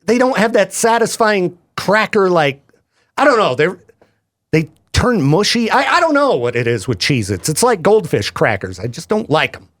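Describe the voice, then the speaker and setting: A man's voice: sits high, very animated, fairly bright tone. A man hosting a radio show, chatting casually and jokingly in a studio with a microphone. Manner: jokey, chatty, quick laughs. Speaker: radio DJ host.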